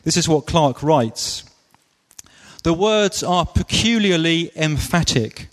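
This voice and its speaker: A man preaching a sermon with slow, deliberate, emphatic phrasing. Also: fairly high pitch. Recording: long reverb of a large hall.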